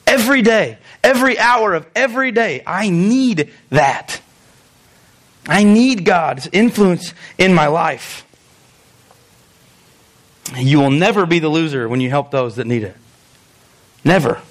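In a slightly high voice with lively intonation, a pastor preaches a little slowly and pauses often. His sermon is conversational; he reads scripture, voices its characters and chuckles.

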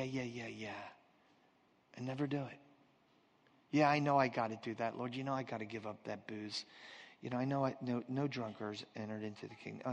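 A man's voice: medium pitch, fairly bright tone. A man preaching a sermon as pastor, telling stories and acting out quotes, chatting with the congregation. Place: church sanctuary. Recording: long reverb in a church hall.

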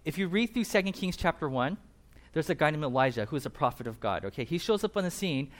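Lively, animated young-sounding pastor. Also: male voice, fairly high pitch. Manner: animated storytelling, voicing characters in quick asides. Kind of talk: casual sermon retelling a Bible passage.

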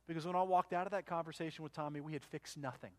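Pastor guy telling a story from the pulpit, kinda high voice, lots of restarts, chatty. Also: steady tone, very fast. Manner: conversational, restarts and quotes himself. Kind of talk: sermon storytelling. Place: church.

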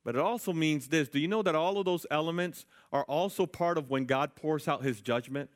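A man's voice: a little high, brisk. A pastor preaching an emphatic sermon, calling out to his listeners. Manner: emphatic, calls out to the congregation.

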